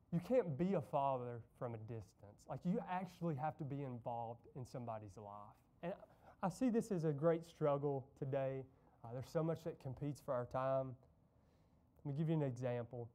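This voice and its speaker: Warm-voiced man preaching a sermon. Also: a little high. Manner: conversational preaching with anecdotes and asides. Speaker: pastor. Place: church sanctuary.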